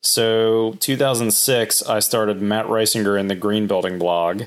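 A man with a fairly low voice chats as a podcast guest. He tells rambling stories in a relaxed, conversational way and slips into quick acted-out quotes. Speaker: guest, home builder. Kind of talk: casual podcast storytelling.

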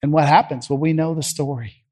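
A man's voice: a little high, fairly even intonation, fairly quick, darkish tone. A man preaching a sermon as vivid storytelling, acting out the scripture scenes as he tells them.

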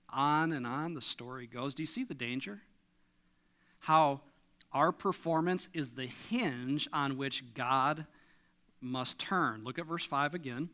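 High, bright-voiced preaching man. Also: a little slow. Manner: earnest, emphatic preaching with sudden questions. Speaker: pastor. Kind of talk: sermon. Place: church sanctuary.

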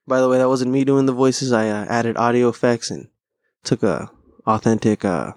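A man's voice: medium pitch, moderate pace, darkish tone, no echo, studio quality. A man hosting a casual solo podcast, rambling, swearing and poking fun at himself. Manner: rambling, profane, self-deprecating. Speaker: podcast host and stand-up comic.

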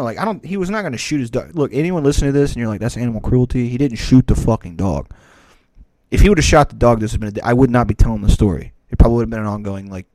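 A man's voice: medium pitch, darkish tone, dry recording. A man co-hosting a podcast, telling a rambling, profanity-heavy story in casual chat. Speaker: podcast co-host.

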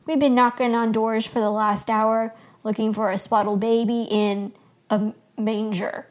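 A woman's voice: on the high side, flat delivery, measured pace, close to an everyday voice. A woman voicing an eager, slightly abashed bearded male shepherd in a read-aloud story.

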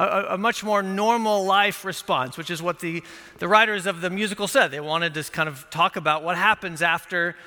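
A man's voice: fairly high pitch, pushed and bright, big-room sound. A man preaching a sermon as pastor, talking conversationally with folksy asides and self-corrections.

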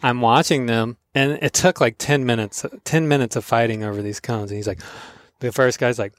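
A man's voice: mid-range voice, moderate pace, no echo, studio quality. Laughing surfer man telling stories. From Florida. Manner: laughing, animated, acts out voices in his stories. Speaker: podcast host, pro surfer. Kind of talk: casual storytelling chat.

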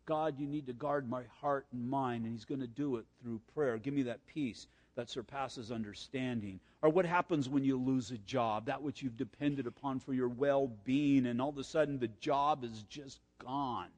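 A man's voice: medium pitch, normal speed, few pauses, darkish tone. Older male pastor, echoey sanctuary. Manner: earnest, conversational preaching with personal stories. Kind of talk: sermon. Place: church sanctuary. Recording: echoey church hall reverb.

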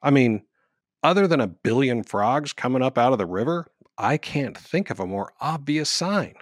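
A man's voice: medium pitch, animated, moderate pace, dry recording. A man narrating with scripted, dry, sarcastic commentary.

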